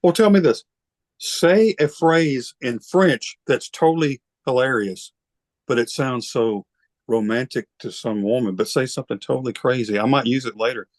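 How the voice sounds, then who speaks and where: A man's voice: medium pitch, normal speed, no echo. A man hosting a music interview show, bantering and joking with his guest. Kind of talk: casual interview chat.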